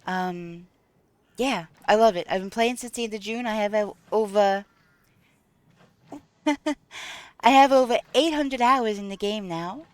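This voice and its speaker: A woman's voice: medium pitch, measured pace, long pauses, clear, resonant tone, no room sound. A woman streaming a video game live, chatting casually with viewers, thanking them and talking through her gameplay with frequent ums. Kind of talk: casual live-stream chat while playing.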